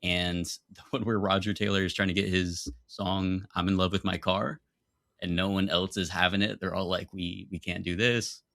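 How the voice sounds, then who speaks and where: A young man making his case in a lighthearted film debate, insistent and quick to laugh. His voice is very deep with a gravelly edge, and the sound is dry and close. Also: flat delivery, fairly bright tone, no echo. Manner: argumentative, insistent, laughs easily. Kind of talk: casual comedic debate.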